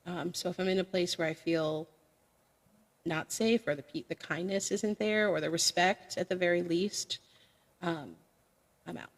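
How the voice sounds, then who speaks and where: A woman's voice: fairly low pitch, fairly even intonation, unhurried, pauses often. A woman who streams karaoke, talking frankly and chattily as a podcast guest, with sassy asides. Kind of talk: casual podcast chat. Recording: long reverb.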